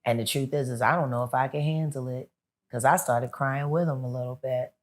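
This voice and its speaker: A woman with a strikingly deep, low voice talks as a guest in a casual sit-down chat. She tells her stories with animation and slips into the voices of the people she's quoting. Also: brisk. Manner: animated storyteller who acts out the people she quotes. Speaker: interview guest.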